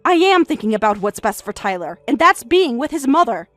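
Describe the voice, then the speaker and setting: A woman voicing a frantic, defensive middle-aged mother who talks in a shrill, insistent, raised voice over faint music. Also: sing-song, fairly quick, a bit bright, no room sound.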